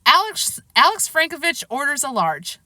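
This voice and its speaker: A woman voicing a short sixth-grade boy who blurts and insists, in a bright, raised voice. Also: high-pitched, big pitch swings, normal speed, dry recording, voice pushed up, heavily acted. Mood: insistent.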